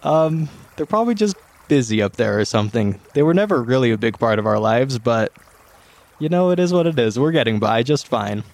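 A man's voice: mid-range voice, lively intonation, a little fast, a little mellow, natural voice. A man voicing a weary village mother who answers in an offhand, shrugging way.

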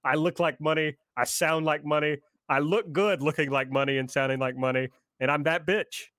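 A man's voice: a little high, normal speed, dry recording. Guy recapping for his podcast, dry close sound. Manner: reads out recaps in a steady run-through. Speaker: podcast co-host recapping the show. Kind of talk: casual wrestling podcast recap.

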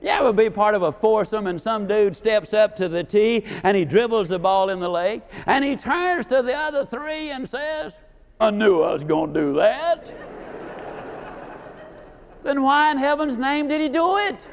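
A man's voice: very high voice, moderate pace, few pauses, a little hiss or hum. A man giving a live motivational speech, telling folksy stories and putting questions to his audience. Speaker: motivational speaker.

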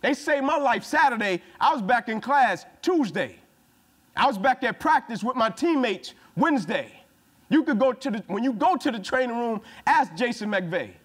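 High-voiced, fired-up motivational speaker man. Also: animated, moderate pace, a bit bright. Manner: preachy, punchy and emphatic, repeating phrases. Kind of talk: motivational speech to a football team.

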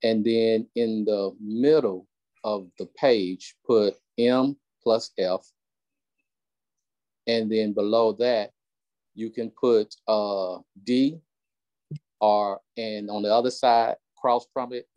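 Southern us guy, low voice, slow halting explainer on a call. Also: fairly even intonation, dark tone. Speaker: caller. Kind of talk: casual group call.

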